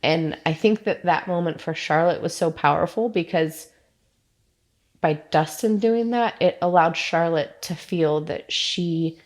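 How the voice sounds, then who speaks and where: A woman's voice: fairly low pitch, measured pace. A woman in her thirties, a mother, giving heartfelt, proud interview answers about her family. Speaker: mother of guests.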